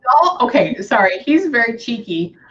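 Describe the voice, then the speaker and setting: A woman's voice: on the high side, sing-song, normal speed, a bit bright, highs cut off. A woman working as a psychic medium, chatting casually and saying "hang on" often while she passes on messages. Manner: chatty, repeats "hang on", relays quotes. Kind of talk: casual reading session.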